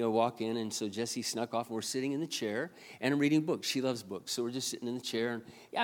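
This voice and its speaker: Older male pastor preaching in a hall. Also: medium pitch. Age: 60s. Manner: rambling storytelling, often restarting phrases. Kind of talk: sermon. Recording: long hall reverb.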